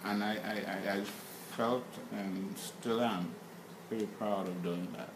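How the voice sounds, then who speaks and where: An older Bahamian man speaks slowly and haltingly in a low voice, stumbling and repeating his words. The room is echoey and a clear hum of noise sits behind him. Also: steady tone. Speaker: guest singer. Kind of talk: casual interview.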